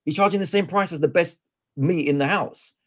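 Bloke on a podcast, animated storytelling, swears a lot, does everyone's lines. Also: male voice, a little high, brisk. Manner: animated, acts out both sides of dialogue, swears freely. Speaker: podcast co-host. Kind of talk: casual storytelling chat.

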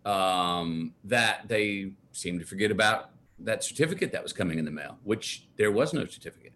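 Texan man in his fifties, animated storyteller, low voice, wide swings in pitch. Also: normal speed, a little hiss or hum. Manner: animated storyteller, laughs often, acts out quoted voices. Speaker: guest. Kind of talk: casual storytelling interview. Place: his home.

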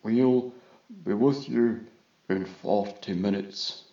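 A breezy male vizier , as a male reader puts him on, speaking slowly and surely, brushing off any danger. His low-key voice is slightly dull, like a modest recording. It is a storybook reading of a space tale. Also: mellow, echoey room. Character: cheery confident male vizier on a spacecraft radio.

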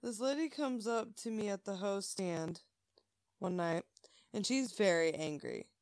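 Slow-talking woman telling a story. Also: mid-range voice, dry recording, clean studio sound. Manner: animated storyteller, acts out quoted voices, laughs often. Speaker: podcast co-host. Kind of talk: casual storytelling chat.

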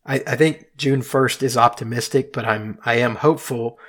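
A man's voice: medium pitch, fairly even intonation, normal speed, a bit bright. A man hosting a casual podcast chat, thinking aloud and hedging with frequent restarts. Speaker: podcast host.

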